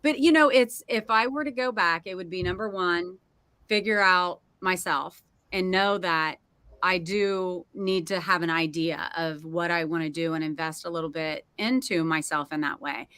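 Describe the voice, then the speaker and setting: Brief: middle-aged woman host, bright tense tone, dry close sound, emotive chatty delivery. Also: lowish voice, clean tone, dry recording. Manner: emotional, expressive, quick laughs. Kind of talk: casual panel chat.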